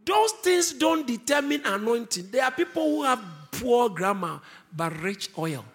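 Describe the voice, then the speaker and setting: A man's voice: very high-pitched, big pitch swings, measured pace, a bit bright, soft background music. A man preaching a sermon, emphatic, stretching out key words for weight.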